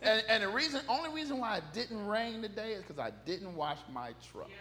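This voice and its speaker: A male pastor delivers a chatty, folksy sermon at a church service, swapping quips and amens with the congregation. His voice is high-pitched and briskly paced with lively intonation, and he jokes and gets louder during funny stories, with a crowd audible behind him.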